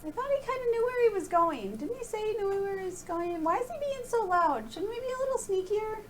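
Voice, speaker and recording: A woman's voice: extremely high pitch, animated, a little fast, a little hiss or hum. A woman playing a tabletop game, asking lots of playful questions. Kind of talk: casual table talk. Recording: crowd in a busy game store.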